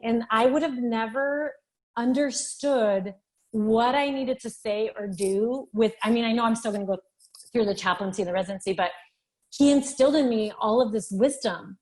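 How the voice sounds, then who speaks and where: A woman's voice, a little higher than most, telling a personal story on a podcast. She acts out the dialogue with real animation. At moments she grows emotional and close to tears. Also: a little mellow, rough recording. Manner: emotional, tearful at times. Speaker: physician assistant, interview guest. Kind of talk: podcast interview, personal testimony.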